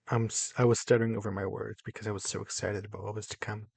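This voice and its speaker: A young man giving casual commentary as he builds in a video game, excitable, muttering to himself and then bursting into loud exclamations. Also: lowish voice, fast, gravelly, few pauses, breathy edge, no room sound. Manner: excitable, talks to himself while building, jumps between mumbling and loud exclamations. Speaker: gaming YouTuber.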